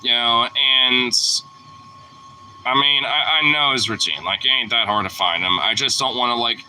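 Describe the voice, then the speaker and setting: A man's voice: mid-range voice, moderate pace, pushed and bright, a little hiss or hum, low-quality recording. A young man vlogging, telling a rambling, profane story in casual chat, full of filler words.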